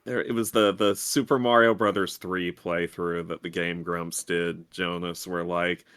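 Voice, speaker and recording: A man's voice: low voice, flat delivery, unhurried, fairly bright tone, clear, resonant tone. A man hosting a live game stream, chatting casually and joking around. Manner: playful, jokey. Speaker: streamer host. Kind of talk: casual chat over gameplay.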